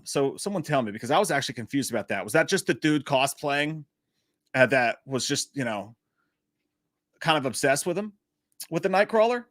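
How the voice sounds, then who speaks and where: A man hosting a live chat about a movie, animated and profane, joking at his own expense. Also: mid-range voice, no room sound, studio quality. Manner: animated, profane, self-mocking jokes. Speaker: livestream host.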